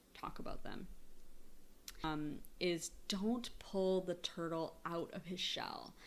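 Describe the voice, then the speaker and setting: Young woman, relationship blogger, casual and chatty talk to camera, filler-heavy, mid-range voice. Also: mid-range voice. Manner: chatty, many "like" and "you know" fillers.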